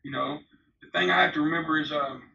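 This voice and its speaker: A man's voice: a little high, steady tone, quick pace, gravelly, sharp tone. A man in his forties, a former prisoner, telling his story in a blunt, profane, rambling way in a candid interview. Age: 40s. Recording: roomy, distant, slightly dull remote audio.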